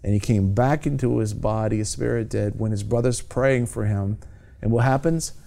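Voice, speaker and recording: A man's voice: on the low side, normal speed, vocal fry, mellow. A man hosting a Christian television program, talking about faith in a fervent, exhorting preacher's cadence. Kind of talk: evangelistic TV talk.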